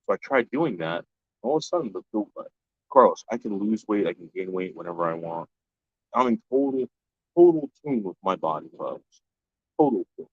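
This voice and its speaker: A man's voice: on the low side, big pitch swings, brisk, darkish tone, dry recording. A man hosting a live stream, talking casually and bluntly with viewers and cursing freely. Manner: blunt and profane, with frequent restarts. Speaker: live-stream host answering chat. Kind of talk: casual chat. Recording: dull, lo-fi dry recording.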